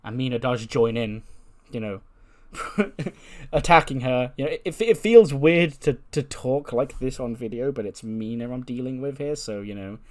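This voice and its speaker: A man hosting his own game playthrough, recapping the action in a chatty, wry way. He leans on casual fillers and jokey asides, with a mid-pitched voice. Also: a little slow, darkish tone. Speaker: let's play host.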